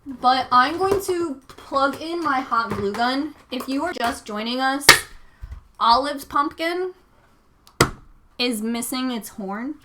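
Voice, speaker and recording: A woman's voice: high voice, lively intonation, slow pace, noisy background. A young woman livestreaming while she crafts, chatting in a rambling, casual way with lots of "like" fillers. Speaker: livestreaming vlogger.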